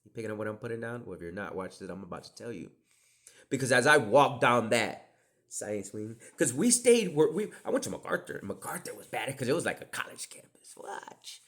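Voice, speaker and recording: Middle-aged male podcaster, profane rambling storyteller with a lively, swooping voice and mid-range pitch. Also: fairly quick. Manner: profane, digressive, laughs and drops to whispered asides. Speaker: podcast host.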